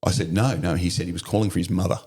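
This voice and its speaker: Gravelly deep-voiced Australian man. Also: steady tone, racing, darkish tone. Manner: blunt, vivid retelling with swearing. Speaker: podcast guest, former police officer. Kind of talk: storytelling in an interview.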